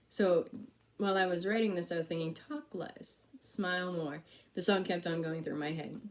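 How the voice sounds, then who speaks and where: A woman with a slightly low voice delivers a sermon in a conversational way. She repeats her key phrases for emphasis and speaks directly to the congregation. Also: steady tone, fairly quick, a little mellow, a little hiss or hum. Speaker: pastor.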